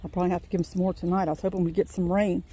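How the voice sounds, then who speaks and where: A woman's voice: lowish voice, level tone, very fast, background noise. A woman from Virginia giving a rambling, homespun tour of her vegetable garden outdoors, filming on a handheld phone. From Virginia, USA. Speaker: farm vlogger.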